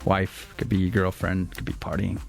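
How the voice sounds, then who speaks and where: A man hosting a casual studio interview, upbeat and quick, leading his guests with questions. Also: deep voice, little pitch movement, gravelly, soft background music. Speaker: podcast host.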